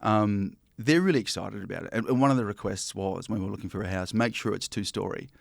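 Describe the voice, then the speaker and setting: A man's voice: lowish voice, fast, gravelly, dry recording, studio quality. An Australian man, a broadcaster, chatting in an interview with frequent ums and restarts. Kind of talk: casual interview chat.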